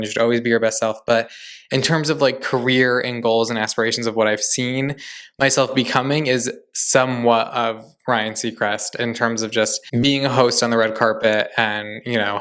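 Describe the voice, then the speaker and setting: A young man hosts his own podcast and tells his stories in a chatty, gushing way. He keeps slipping into quoted back-and-forth dialogue. His voice is smooth and clear, at an ordinary pitch. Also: a bit bright. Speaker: podcast host. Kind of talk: casual solo podcast recap.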